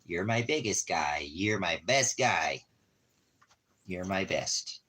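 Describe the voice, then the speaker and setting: Husky low-voiced man doting on his dog. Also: animated, slow pace. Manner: soft, doting baby talk with repeated phrases. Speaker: vlogger talking to his dog. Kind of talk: casual talk to a pet.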